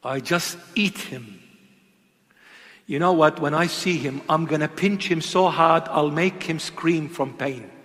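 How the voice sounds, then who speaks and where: A man preaching an impassioned sermon, swinging between loud emphatic calls and hushed, intimate asides. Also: a little high, moderate pace, hardly any pauses, in a large hall.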